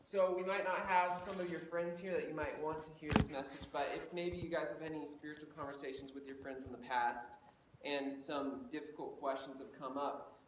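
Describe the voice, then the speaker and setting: A young man introducing a guest speaker to a student group, reading haltingly with restarts. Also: mid-range voice, a little hiss or hum. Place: large echoey room. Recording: echoey room, far from mic.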